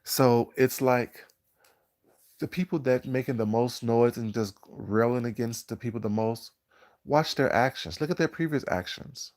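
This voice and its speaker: A man hosting a live stream, talking in a groggy morning voice in a drawn-out, preachy way and greeting viewers in the chat. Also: mid-range voice, darkish tone. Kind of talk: casual live-stream commentary.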